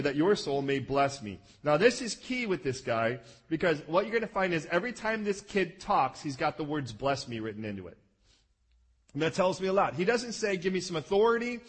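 A male pastor delivering a sermon, telling a story animatedly, acting out the characters and shouting their pleading lines. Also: a little high, husky. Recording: long reverb of a large hall.

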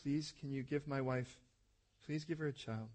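A man voicing a gentle pleading husband. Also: medium pitch, normal speed, close to an everyday voice. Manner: soft, earnest pleading. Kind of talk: acted quote in a sermon.

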